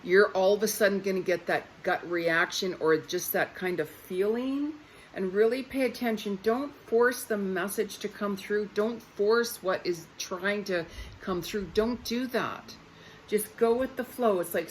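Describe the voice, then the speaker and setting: A woman's voice: medium pitch, unhurried, slight background noise, rough recording. A woman in a casual spiritual talk to her viewers, chatty and repetitive, often saying okay. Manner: chatty, repeats herself, says okay often. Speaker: psychic reader.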